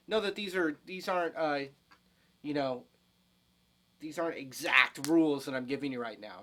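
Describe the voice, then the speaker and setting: A man's voice: on the high side, fairly bright tone. Laid-back guitar teacher, man. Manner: casual, loose, many fillers and restarts, counts and scats rhythms. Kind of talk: relaxed spoken guitar lesson. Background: electric guitar playing.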